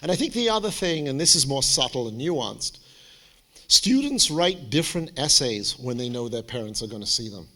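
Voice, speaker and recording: A man speaking as a college admissions adviser, giving a lively, theatrical presentation to students and parents. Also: medium pitch, moderate pace. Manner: animated, theatrical, jokey storyteller.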